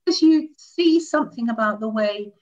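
A woman talking in an interview as a guest expert, animated, laughing often and demonstrating tones of voice while seated. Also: on the high side, moderate pace, dull audio. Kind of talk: conversational interview. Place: seated indoors.

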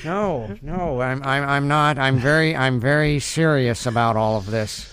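A man's voice: mid-range voice, measured pace, a bit bright, clear, resonant tone, close to an everyday voice. A man voicing a nervous, earnest young man in a comic impression sketch, stammering and hesitant.

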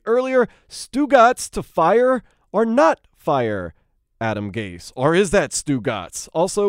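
A man's voice: a little high, clear, resonant tone, no echo, clean studio sound. A male radio host introducing the next segment in an upbeat, chatty way.

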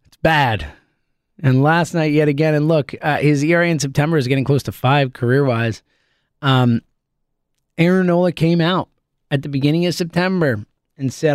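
A man hosting a sports talk show solo, ranting in an animated, sarcastic way. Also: on the high side, moderate pace, pauses often, clean tone, no room sound, clean studio sound. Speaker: sports podcast host.

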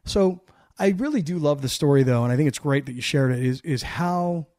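A man's voice: fairly high pitch, lively intonation, fairly quick, darkish tone, dry recording, clean studio sound. A man hosting a podcast interview in a guest's home, eagerly asking questions and chiming in. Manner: eager interviewer, chimes in with short agreements. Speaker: podcast host. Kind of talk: casual interview.

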